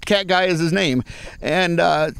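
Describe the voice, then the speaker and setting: A man's voice: a little high, measured pace, gravelly, fairly bright tone, smooth, no echo. A man, a guest speaker telling stories energetically in conversation and repeating phrases as he goes. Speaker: guest speaker on farm mental health. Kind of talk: animated storytelling in conversation.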